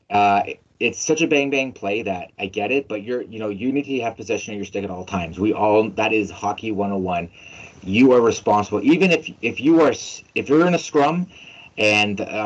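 A man hosting a casual sports podcast, telling stories in an animated, emphatic way with plenty of swearing. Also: medium pitch, slightly rough. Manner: animated, emphatic storytelling, profane. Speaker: podcast host. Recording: dull lo-fi audio.

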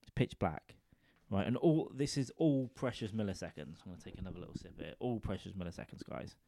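A man with a low, mellow voice tells a vulgar comic anecdote into a studio microphone. He rambles and keeps asking his listeners "right?" as he goes. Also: lively intonation, fast, vocal fry.

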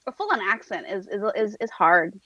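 A woman in a casual chat, chatty and quick to laugh. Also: mid-range voice, very animated, sharp tone, no echo, highs cut off.

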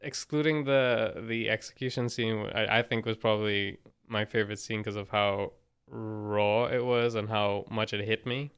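A young man in a casual movie chat, rambling with many fillers and getting animated when quoting scenes. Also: fairly low pitch, normal speed, clear, resonant tone. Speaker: podcast co-host.

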